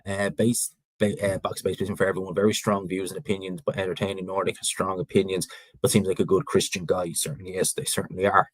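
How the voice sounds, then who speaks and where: A man from Ireland with a North Dublin accent hosts a boxing channel, chatting casually through viewer questions and giving frank opinions. His voice is low with little pitch movement, and he talks fast, rambling and restarting. The recording is low quality with no echo.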